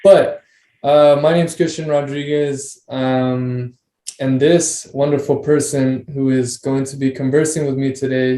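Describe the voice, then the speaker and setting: A man's voice: mid-range voice, little pitch movement, measured pace, dark tone, echoey room. A man hosting a casual podcast chat, rambling loosely and swearing offhand. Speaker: podcast host.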